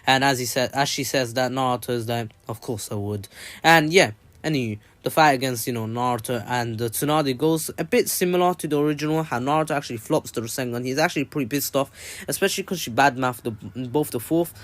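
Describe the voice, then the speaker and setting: A man's voice: mid-range voice, fast talker, fairly bright tone, dry recording. A man casually retelling an anime fan story, rambling with plenty of fillers and restarts.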